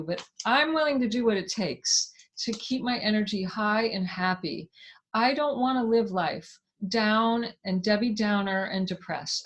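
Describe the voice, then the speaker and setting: This is a woman hosting a live online conversation, with a voice set somewhat high. She talks in an effusive, enthusiastic way, reading viewer comments aloud and thanking everyone. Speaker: host. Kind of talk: live online interview wrap-up.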